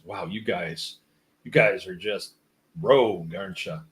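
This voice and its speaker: A man's voice: deep voice, measured pace, fairly bright tone. A man hosting a livestream, reading out viewer comments and musing in a rambling, wry, casual way. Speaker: host.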